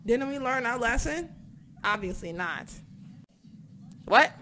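A woman's voice: fairly high pitch, lively intonation, slow pace, pushed and bright, a little hiss or hum. A young woman co-hosting a casual wrestling chat, ranting animatedly and swearing often. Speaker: wrestling podcast co-host.

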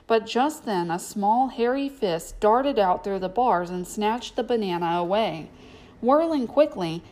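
A woman narrating a children's storybook aloud in a steady storytelling manner. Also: medium pitch.

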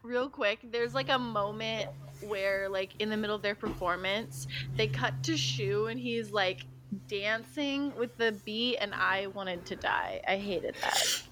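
A woman's voice: medium pitch, unhurried. A woman co-hosting a podcast in casual chat, talking loosely with many fillers. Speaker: podcast co-host. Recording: clear background hiss.

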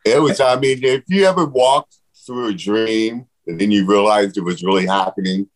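Animated man telling a story. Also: lowish voice, moderate pace, low-quality recording. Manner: animated, swears freely, acts out quotes. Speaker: guest. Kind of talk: casual storytelling interview.

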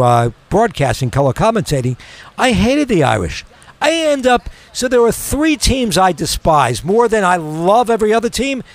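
Opinionated New sports radio guy. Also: fairly high pitch. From New York. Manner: opinionated, emphatic, argumentative. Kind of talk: casual sports talk.

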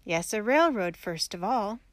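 A woman voicing a young male homesteader who speaks in a quiet, tired, resigned way, read as part of a storybook. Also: medium pitch, lively intonation, measured pace, dry recording, lightly acted. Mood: weary.

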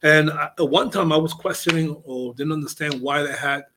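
A man's voice: a little high, brisk, noisy background. An older man hosting a community radio interview, chatting casually with hesitant fillers and restarts. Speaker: radio host.

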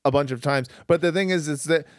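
A man's voice: a little high, a little fast, no echo, clean studio sound. A man chatting casually on a podcast over a video call, riffing and swearing as he jokes. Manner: riffing, profane, laughs into jokey impressions. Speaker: podcast co-host. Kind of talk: casual comedic chat. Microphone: remote video call.

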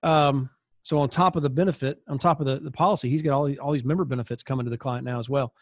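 A middle-aged man hosting a talk for insurance agents, telling stories with lively acted-out dialogue and frequent laughs. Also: mid-range voice, fast talker, dry recording. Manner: lively storyteller, acts out dialogue, laughs often. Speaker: host and insurance agency leader. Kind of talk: casual storytelling talk to agents.

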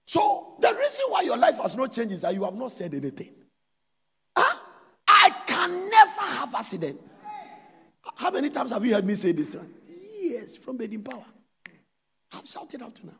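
Emphatic preacher in a hall. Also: male voice, very high-pitched, wildly swooping pitch, a little fast, husky. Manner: loud, emphatic, swings between shouting and soft asides. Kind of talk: sermon.

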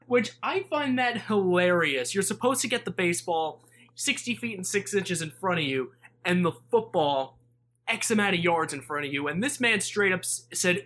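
A man's voice: high-pitched, animated, moderate pace, pushed and bright. Joking male sports podcast co-host. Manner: joking, mock-analytical, storytelling. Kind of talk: casual sports chat.

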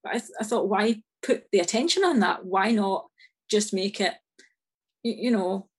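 A woman with a Scottish accent, an author chatting as a podcast guest, talking in quick restarts and repeated words. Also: mid-range voice, slightly rough. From Scotland. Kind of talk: casual interview chat.

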